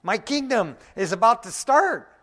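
A male preacher voicing God as an urgent, commanding male deity with loud, emphatic, folksy speech. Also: very high voice, animated, measured pace, long reverb tail, pitched above the performer's own voice, full character voice.

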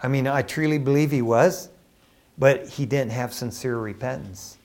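A man preaching a sermon in an animated, emphatic way, swinging between loud bursts and hushed asides. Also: medium pitch, moderate pace.

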